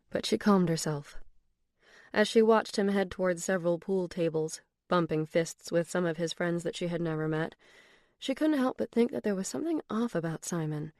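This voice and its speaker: A woman narrating an audiobook in an even, steady reading voice. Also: on the low side, dry recording, studio quality. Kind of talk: scripted narration.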